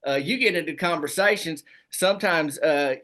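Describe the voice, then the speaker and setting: A man, a comedy guest telling boastful tall tales in a deadpan rural persona. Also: on the high side, moderate pace. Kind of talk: comic storytelling in a rural persona.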